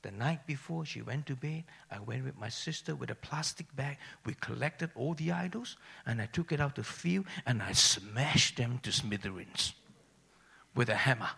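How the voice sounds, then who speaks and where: A man from Malaysia giving a sermon-style personal testimony, telling a story that drops to hushed tones and rises to emphatic bursts. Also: medium pitch, animated, moderate pace, vocal fry, slightly rough.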